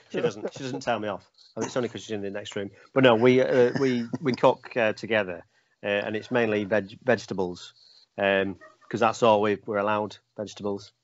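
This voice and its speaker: Over dull, lo-fi call audio, a UK comedian appearing as a podcast guest talks in a loose, self-deprecating, jokey manner. He speaks at a moderate pace in a lowish voice with fairly even intonation.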